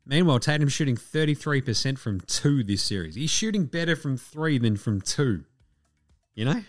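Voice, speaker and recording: A podcast host rants bluntly about sports in casual style, swearing freely and airing strong opinions. His medium-pitched voice swings widely in pitch at normal speed, recorded in clean studio quality with no echo.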